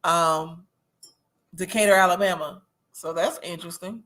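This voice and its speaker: A woman's voice: lowish voice, fairly even intonation, moderate pace, a bit bright. A woman hosting a casual livestream, chatting and gossiping as she reads viewer comments, a little tipsy and laughing often. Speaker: host of a reality-TV review livestream.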